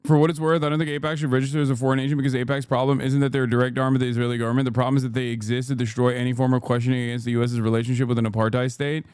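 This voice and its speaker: A man's voice: mid-range voice, level tone, racing, hardly any pauses, a little mellow, smooth, no echo, clean studio sound. A man giving sarcastic, heated commentary on a clip during a live stream. He swears often.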